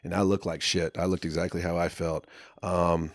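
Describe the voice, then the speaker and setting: A man telling a long personal story in casual podcast talk, profane and animated, sometimes shouting as he relives moments. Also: deep voice, moderate pace, dry recording, clean studio sound. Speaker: podcast guest.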